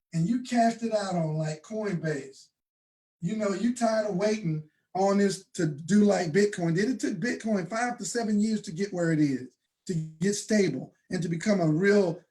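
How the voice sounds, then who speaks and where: A high-pitched male presenter delivers a motivational sales talk to an audience. He's emphatic and preacher-like, bursting into shouts and then slowing down to stress certain phrases.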